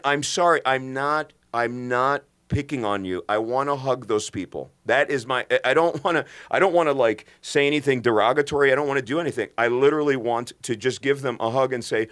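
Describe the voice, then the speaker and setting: A man's voice: mid-range voice, fairly bright tone. An impassioned man in middle age, speaking as a doctor on a podcast. His delivery is earnest and emphatic, and he keeps restarting his sentences mid-thought.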